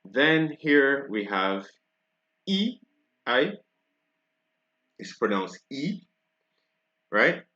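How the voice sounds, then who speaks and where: A man's voice: medium pitch, expressive, drawn-out words, long pauses, bright, forceful tone, dull audio. A man from Barbados with a Barbadian accent, giving a French pronunciation lesson and checking in with "right?" after each point. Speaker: French teacher.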